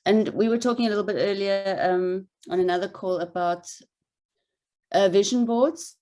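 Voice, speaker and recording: A woman artist joins a video call as a guest and speaks with enthusiasm. Her pitch sits in the middle range. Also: moderate pace, mellow. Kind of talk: casual video call chat.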